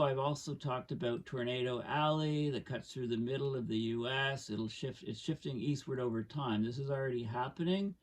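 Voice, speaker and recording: Gravelly man explaining charts, a bit off-mic. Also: mid-range voice, distant mic. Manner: thinking aloud, frequent fillers, animated emphasis. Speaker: climate science commentator. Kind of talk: casual explainer talking over charts.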